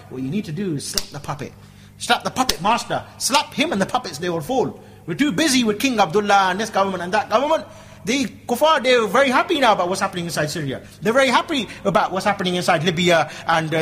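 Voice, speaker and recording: A man's voice: high voice, fairly bright tone, a little hiss or hum. A man giving an impassioned religious lecture, emphatic and full of rhetorical questions and repeated phrases. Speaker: Islamic preacher.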